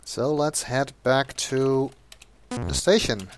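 A man's voice: mid-range voice, expressive, slow, a little hiss or hum. A man commentating a game playthrough and reading its text, with dry, wry asides. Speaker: let's play narrator.

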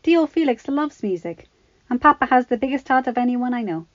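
A woman voicing a bubbly, wide-eyed teenage girl who gushes in a high, breathless voice. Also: animated, fairly quick, dry recording. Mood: cheerful. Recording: slightly dull lo-fi recording.

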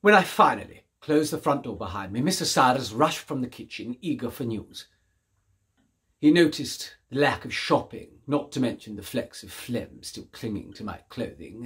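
Husky male narrator, genteel and wry, precise theatrical monologue delivery. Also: mid-range voice, expressive, moderate pace, a bit bright.

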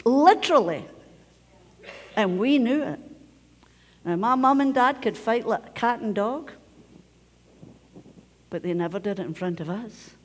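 A woman's voice: a little high, expressive, measured pace, long pauses. A Scottish woman pastor preaching a sermon, emphatic, repeating key phrases and sometimes dropping to a near whisper. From Scotland. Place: church sanctuary. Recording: long church reverb.

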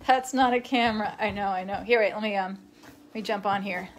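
A woman's voice: medium pitch, fairly quick, a little hiss or hum. A young woman live-streaming in casual chat, rambling along and reading viewer comments aloud.

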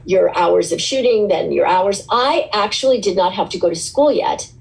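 Gravelly-voiced woman reminiscing. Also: mid-range voice, expressive, moderate pace, darkish tone, low-quality recording. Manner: chatty, rambling with many restarts. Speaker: guest. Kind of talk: relaxed interview recollection.

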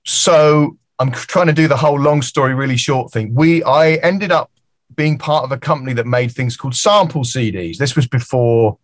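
A man's voice: mid-range voice, normal speed, no echo. A middle-aged man, a music producer who is a guest on a podcast and talks freely, acting out the voices of people in his stories. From England. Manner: lively storyteller acting out quoted voices. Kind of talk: casual podcast conversation.

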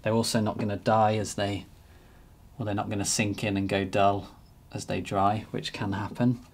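A man narrating a painting demonstration as he works, relaxed and thinking aloud. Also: lowish voice, moderate pace, vocal fry. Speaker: painting teacher.

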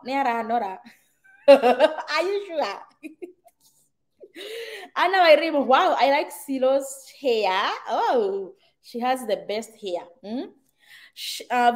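Kenyan woman, middle-aged, live-stream host; slightly high voice, chatty, quick to laugh, drops in Swahili phrases. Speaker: livestream host reading viewer comments. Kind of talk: casual live chat.

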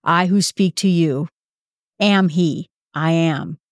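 A woman's voice: on the low side, slow pace, dry recording. A woman voicing an earnest, authoritative teacher. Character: calm, authoritative man as a teacher.

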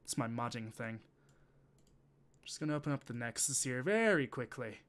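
A man's voice: mid-range voice, expressive, normal speed. A man, chatting and swearing casually as he thinks aloud while playing a game on stream. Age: 20s. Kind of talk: casual gameplay commentary.

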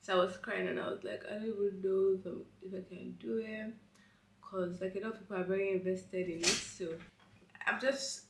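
A young woman with a hoarse voice from a cold, chatting casually in a get-ready-with-me vlog. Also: mid-range voice, fairly even intonation, moderate pace, background noise. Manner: chatty and rambling, many fillers. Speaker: vlogger. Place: indoor room, doing makeup. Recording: roomy echo.

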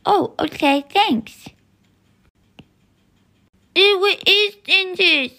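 A mischievous young boy, voiced by a woman in a toy-game role-play. His voice is high and loud. He is eager, pushy and always plotting pranks. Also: animated, normal speed.

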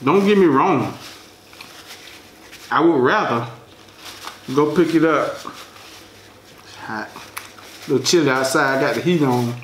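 A man's voice: fairly high pitch, slow, pauses often, fairly bright tone, a little hiss or hum. Laid-back man eating on camera. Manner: laid-back, chatty, slangy, talks between bites. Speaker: food vlogger. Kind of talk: casual mukbang chat while eating. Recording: roomy echo.

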